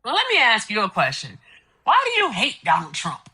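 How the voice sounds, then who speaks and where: A woman co-hosting a livestream chat in a bright, sharp voice. Her pitch is animated and her talk blunt and profane, with laughter mixed in. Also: a little fast, slightly rough. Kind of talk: casual live-stream chat.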